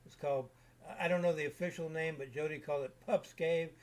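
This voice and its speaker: A man in his seventies, an interview guest, telling rambling caving anecdotes in a relaxed, casual way with frequent restarts. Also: a little high, a little fast. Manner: rambling, self-repeating anecdotes. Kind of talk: casual storytelling.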